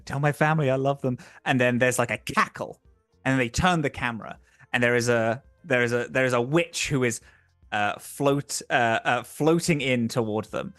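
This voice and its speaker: A man narrates as game master, rambling through scenes with "um" and "like" and quick laughs. His voice sits mid-range, dry and close on the mic, with faint music underneath. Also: medium pitch, a bit bright, no echo. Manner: rambling, lots of fillers, laughing asides.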